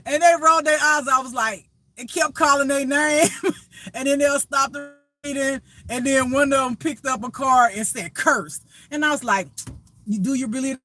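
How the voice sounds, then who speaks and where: A woman's voice: high-pitched, moderate pace, fairly bright tone. A woman who reads tarot as a spiritual reader, talking to viewers in a blunt, profane, laughing rant. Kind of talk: casual unscripted monologue to viewers.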